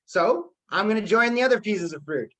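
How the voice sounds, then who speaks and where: A man's voice: high voice, lively intonation, normal speed, pushed and bright, heavily acted, poor audio. A man voicing a cocky talking tomato in a made-up storybook fable. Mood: smug.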